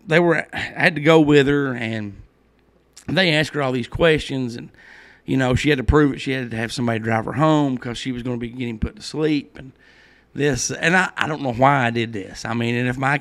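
A man's voice: mid-range voice, fairly quick, fairly bright tone. A middle-aged man hosting a casual podcast, telling rambling stories and laughing at his own jokes. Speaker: podcast host. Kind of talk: casual chat.

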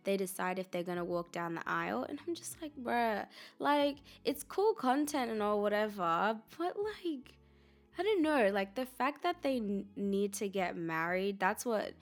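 A woman's voice: medium pitch, a little slow. Chatty laughing woman podcast host. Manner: chatty and animated, laughs often, quoting herself. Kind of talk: casual solo podcast chat.

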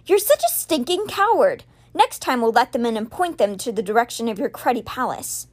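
A woman's voice: fairly high pitch, lively intonation, a little fast. A woman voicing an angry, defiant young male wizard confronting his brother, bitter and heated.

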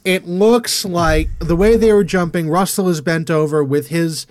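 A man's voice: a little high, measured pace, a little mellow, dry recording. A man co-hosting a podcast in casual chat, dry and matter-of-fact as he reads out scores and nitpicks. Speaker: podcast co-host.

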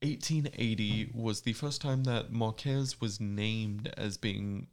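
A man casually telling a history story on a podcast, slow and halting with lots of fillers. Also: on the low side. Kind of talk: casual chat.

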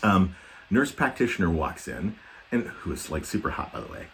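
A man's voice: sits low, very animated, moderate pace, creaky, a little hiss or hum. A middle-aged man, a podcast co-host, telling a self-deprecating story in casual chat, rambling with many fillers.

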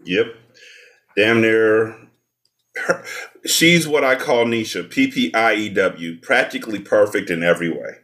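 Low-voiced man in casual podcast chat. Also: lively intonation, measured pace, fairly bright tone. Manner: playful, teasing, lists names at length. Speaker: podcast co-host.

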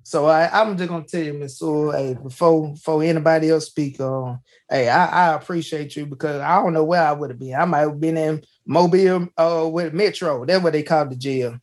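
A man hosts a podcast in a casual, folksy storytelling way. His voice sits a little higher than most men's. He keeps saying "hey" and restarts his sentences. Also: steady tone, brisk, few pauses, a little mellow. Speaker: podcast host.

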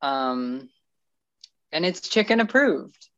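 A woman's voice: deep voice, animated, slow, a bit bright, highs cut off. A woman co-hosting a casual chat, hesitant and full of fillers and restarts. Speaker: podcast co-host.

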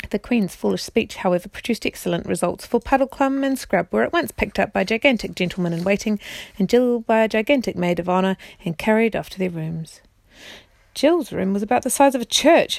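A woman reading a children's chapter book aloud for her own children, in a gentle, unhurried way. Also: medium pitch, creaky, no echo, clean studio sound.

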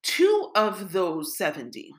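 Animated woman teaching scripture casually. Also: mid-range voice, slow pace. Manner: conversational, animated, paraphrases the text in everyday speech. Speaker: Torah teacher.

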